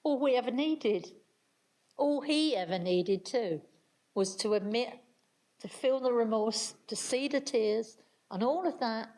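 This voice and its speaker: A woman's voice: on the high side, a little slow, a little mellow, rough recording. An older woman, speaking to an audience in an earnest, reflective way. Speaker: speaker at a talk on restorative justice. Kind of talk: storytelling talk to an audience.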